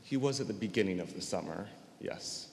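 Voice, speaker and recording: A teenage boy testifying as a witness in a mock trial, giving measured, guarded answers. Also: low-pitched, expressive. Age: teens. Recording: echoey hall, long reverb, faint hiss.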